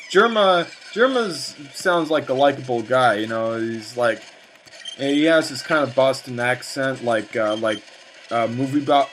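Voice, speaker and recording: A man's voice: mid-range voice, slight background noise. A young man commentating on his own gameplay, rambling off on tangents with lots of fillers and stammered repeats. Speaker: let's play commentator.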